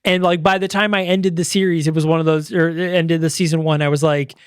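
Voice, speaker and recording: A man co-hosting a casual podcast, talking in an animated way and putting on little voices when he quotes people. His voice sits a little high for a man, recorded close and dry with no room sound. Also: a little fast, smooth, no echo. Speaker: podcast co-host. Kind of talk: casual chat.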